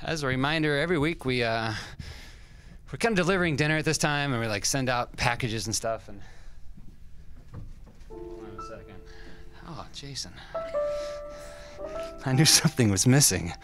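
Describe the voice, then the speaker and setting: Hosting a restaurant livestream, a US West Coast man reads fan mail in a halting, rambling, self-deprecating manner full of fillers. His voice is mid-range and fairly bright, with faint music in the background.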